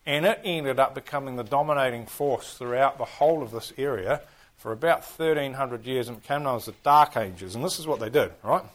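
A man with a New Zealand accent teaching a class, lively and full of questions to his listeners. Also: mid-range voice. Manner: animated, keeps firing questions at the class. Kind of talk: interactive history class on church history.

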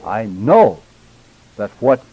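A man lecturing a church class on public speaking, enunciating deliberately and stressing key words, sometimes addressing students by name. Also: lowish voice, very animated, slightly rough, muffled recording. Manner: measured, emphatic, deliberate enunciation.

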